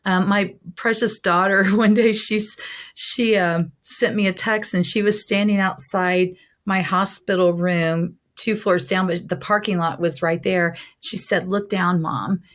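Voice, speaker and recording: A woman's voice: mid-range voice, steady tone, measured pace. A middle-aged woman, a guest in an interview, telling her personal testimony in an earnest, heartfelt way.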